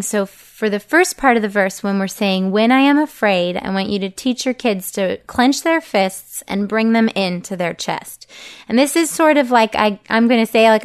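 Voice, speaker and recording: Woman, 30s, mid-pitched and smooth; relaxed, earnest Bible teacher who coaches parents step by step. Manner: earnest and encouraging, walks through each step. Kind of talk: casual spoken teaching.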